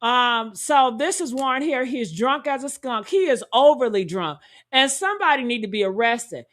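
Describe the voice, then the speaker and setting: A woman giving heated, profane reaction commentary, talking loudly and indignantly and calling out to her viewers. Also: on the high side, expressive, moderate pace. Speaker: commentary streamer.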